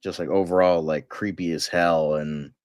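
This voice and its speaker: Rambling, cussing man with a low voice. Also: fairly even intonation, normal speed, a little mellow, dry recording, studio quality. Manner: rambling, swears freely, many fillers. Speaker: podcast co-host. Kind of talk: casual movie chat.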